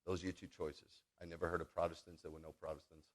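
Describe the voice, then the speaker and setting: A man in his fifties, a rabbi giving a sermon, telling personal stories in an animated, jokey, emphatic way. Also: low-pitched, quick pace.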